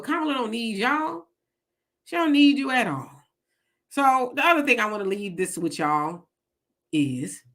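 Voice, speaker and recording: High, bright-voiced woman host ranting. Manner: emphatic, mocking, rapid rhetorical questions. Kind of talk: live-stream political commentary.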